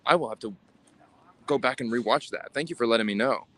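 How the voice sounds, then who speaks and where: A man in his twenties livestreaming as he walks city streets, talking in a halting, reflective way with frequent sighs. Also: medium pitch, bright, forceful tone. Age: 20s. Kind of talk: walking livestream talk.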